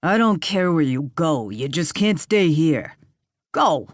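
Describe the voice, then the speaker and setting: A woman's voice: low-pitched, big pitch swings, slow, dry recording, studio quality, heavily acted. A woman voicing a harsh, suspicious man who barks demands in an audiobook.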